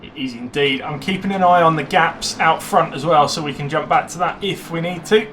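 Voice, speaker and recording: A man giving live commentary on a sim race, chatty and excitable when cars overtake. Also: a little high, brisk, slight background noise.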